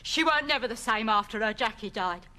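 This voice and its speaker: A woman's voice: a little high, animated, fast talker, pushed and bright. A woman playing a chatty, blunt, gossipy elderly grandmother in a comedy sketch. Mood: wistful. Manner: chatty, dropping sly asides.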